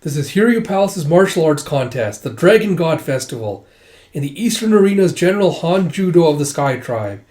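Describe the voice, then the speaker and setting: A loud tournament announcer proclaims each fighter in a raised, higher voice, as a man reads him out. The delivery is bold and public-facing. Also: big pitch swings, normal speed. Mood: announcing.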